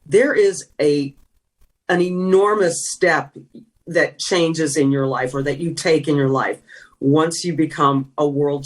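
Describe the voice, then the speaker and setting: A middle-aged woman from California, a former sideline reporter being interviewed, telling stories earnestly with frequent restarts. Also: sits low. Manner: earnest storytelling, trailing restarts. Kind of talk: emotional reflective interview talk.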